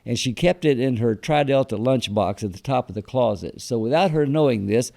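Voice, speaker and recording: A man recounting stories as a guest in an interview, stopping often with fillers and quoting people along the way. His voice is dark and mellow, with a gravelly fry at the bottom. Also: medium pitch, animated, fairly quick. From Texas. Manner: rambling anecdotes with fillers, quoting others. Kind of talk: storytelling interview.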